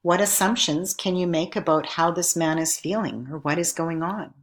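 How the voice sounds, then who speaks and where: A low-voiced woman narrates a recorded lesson as an instructor, speaking clearly and at a measured pace. She asks her viewers one question after another.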